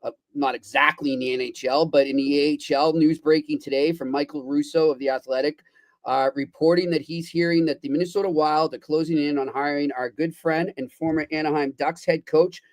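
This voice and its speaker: A man's voice: a little high, steady tone, moderate pace, no echo. A man co-hosting a hockey podcast, chatting casually and feeding questions to his partner. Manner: conversational, feeds questions, frequent short agreements. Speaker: podcast co-host.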